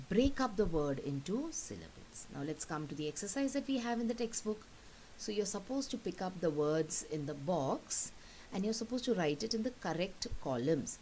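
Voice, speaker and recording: A woman's voice: on the low side, darkish tone, poor audio. A woman teacher giving a recorded lesson, patiently saying each word twice to model its pronunciation. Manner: patient, repeats words slowly to model pronunciation. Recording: faint hiss.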